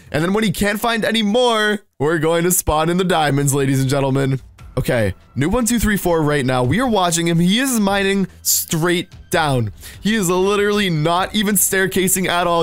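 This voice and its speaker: A young man hosting a gaming video, giving excited commentary, exclaiming and laughing often. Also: sits high, no echo. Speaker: gaming channel host.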